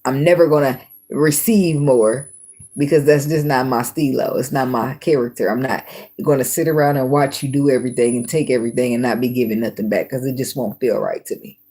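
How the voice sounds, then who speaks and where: Husky, blunt, foul-mouthed woman reading tarot. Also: a bass voice, fairly even intonation, brisk, warm tone. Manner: blunt, profane and laughing often. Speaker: tarot reader.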